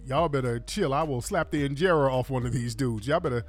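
A man hosting reaction commentary, mocking and animated, with lots of slang. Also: mid-range voice, fairly quick, faint music behind. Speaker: commentary host.

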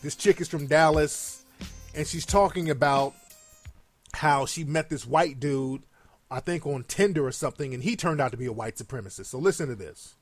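A man's voice: on the high side, normal speed, no echo, soft background music. A man giving a heated, profane and mocking reaction commentary on video clips.

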